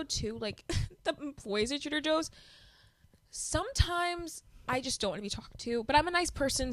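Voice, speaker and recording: A young adult woman co-hosting a podcast, chatting casually and telling animated stories with frequent laughter. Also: on the high side, no room sound. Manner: animated storytelling, laughing often. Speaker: podcast co-host. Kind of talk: casual chat.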